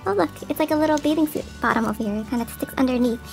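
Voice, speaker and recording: A woman's voice: high voice, very fast, gravelly, a little mellow. A woman hosting a toy unboxing, gushing and gasping in a sing-song voice and cooing at the dolls. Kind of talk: excited toy unboxing chat. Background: background music.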